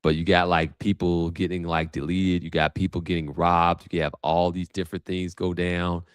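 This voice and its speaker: A man's voice: sits low, level tone, normal speed, smooth, no room sound, clean studio sound. A man hosting a livestream, talking casually and thinking aloud with many restarts. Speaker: host. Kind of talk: livestream commentary.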